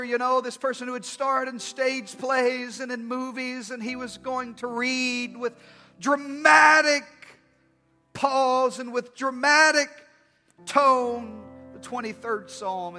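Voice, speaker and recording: A man preaching a sermon as pastor, swinging from loud calls to hushed, dramatic lines. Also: very high-pitched. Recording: long hall reverb with faint music.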